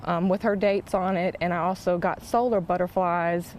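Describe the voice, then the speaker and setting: A woman's voice: fairly low pitch, steady tone, moderate pace, a little mellow, a little hiss or hum. A grieving mother speaking earnestly and resolutely in a TV news interview.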